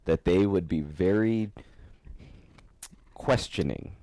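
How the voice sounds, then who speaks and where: A man hosting a podcast, telling stories in a rambling, animated way and laughing often. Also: sits low, takes it slowly, no echo. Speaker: podcast host. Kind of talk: casual podcast chat.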